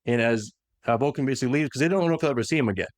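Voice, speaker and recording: A man's voice: medium pitch, racing, no room sound, clean studio sound. A man hosting a podcast, casually retelling a story with lots of fillers and self-corrections. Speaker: podcast host.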